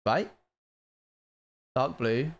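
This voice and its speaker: A man streaming a building game live, chatting casually to his viewers and breaking into panicked high-pitched bursts when something goes wrong. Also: very slow.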